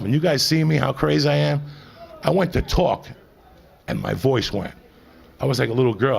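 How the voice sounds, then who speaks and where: A man's voice: mid-range voice, fairly quick, long pauses. A middle-aged man doing stand-up comedy, telling a long confessional story to the crowd in a profane, rambling way. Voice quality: gravelly, husky voice.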